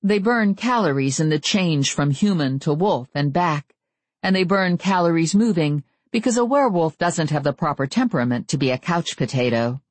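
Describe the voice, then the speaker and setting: A woman reading a first-person novel aloud, with measured, wry storytelling. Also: low-pitched, expressive, dry recording. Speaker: audiobook narrator.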